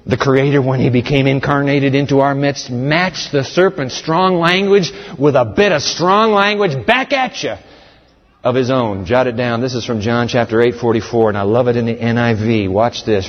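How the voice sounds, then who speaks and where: A man with a mid-range voice preaches a sermon at a moderate pace, emphatic and dramatic as he addresses the congregation directly. The recording sounds dull, with long hall reverb.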